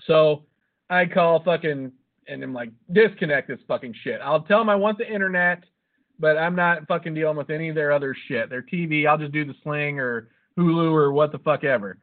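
A man's voice: fairly high pitch, a little fast. A man hosting a podcast, telling stories in loose, profane casual banter. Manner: profane, animated storyteller. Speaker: podcast host. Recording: tinny phone-like sound.

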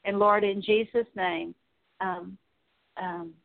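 A woman Bible teacher leading a slow, halting spoken prayer with many pauses and fillers. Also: mid-range voice, fairly even intonation, vocal fry. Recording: tinny phone-like audio.

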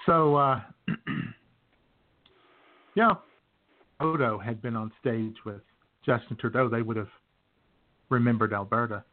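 A man's voice: mid-range voice, takes it slowly, long pauses. Brief: easygoing male radio host, rambling, filler-heavy, tinny phone-like sound. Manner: laid-back, rambling, many fillers. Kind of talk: casual comedy chat.

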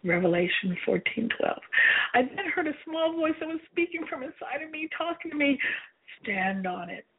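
Woman author reading her memoir aloud, high-pitched, earnest and emotional, phone-quality audio. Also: very animated, brisk. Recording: tinny phone-like sound.

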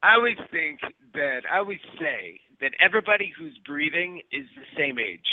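A man's voice: fairly high pitch, lively intonation, normal speed, noisy background. A man chatting casually as a guest, rambling with restarts and playful slang. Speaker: guest actor. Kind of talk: casual chat. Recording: phone-like audio.

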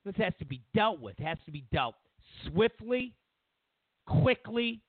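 A man's voice: sits high, very animated, measured pace, husky, no echo. Mock-outraged man ranting over a phone-like line. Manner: mock-outraged, swings between shouting and mumbling. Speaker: host. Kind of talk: sarcastic political rant. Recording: dry tinny phone-like sound.

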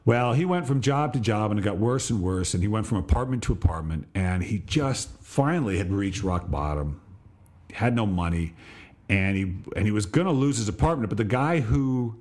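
A middle-aged man and podcast host telling a reflective personal story, slowing on details and restarting phrases. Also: lowish voice, expressive, darkish tone. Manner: reflective, pauses and restarts, slows on vivid details.

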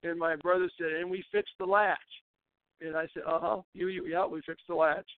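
A man's voice: fairly high pitch, flat delivery, normal speed, no room sound. An older man, telling rambling folksy stories as an interview guest and often restarting his sentences. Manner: rambling folksy storyteller, frequent restarts, laughs at his own tales. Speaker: interview guest, former baseball pitcher. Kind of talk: storytelling in a casual interview. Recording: tinny phone line.

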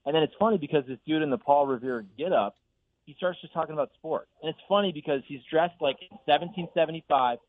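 Calling in as a guest over the phone, a fast-talking man with a voice on the high side tells stories in casual sports talk. He's a chatty storyteller who laughs easily, heard through a tinny, dry phone line.

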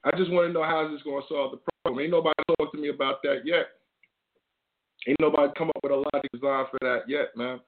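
A man's voice: a little high, steady tone, fast talker. A man hosting his own show, ranting casually in loose slang with lots of swearing. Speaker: show host. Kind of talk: casual rant to camera. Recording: tinny phone-like audio.

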